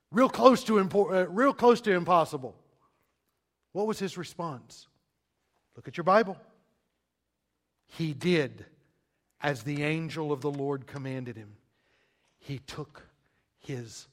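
A high-pitched male pastor delivering a sermon, pressing his congregation with rhetorical questions. He builds to forceful emphasis, then drops to a hushed near-whisper, leaving long dramatic pauses between phrases. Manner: calls listeners "beloved", asks rhetorical questions.

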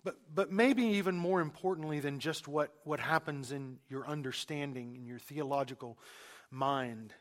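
A man's voice: a little high, normal speed. A man preaching a sermon as pastor, emphatic, repeating phrases and restarting mid-sentence.

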